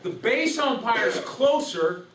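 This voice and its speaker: Heard from a distant mic in a roomy space with light hiss, a male umpire instructor lectures conversationally, quizzing his class and restating key ideas. His voice is very high-pitched and a bit bright, animated yet slow.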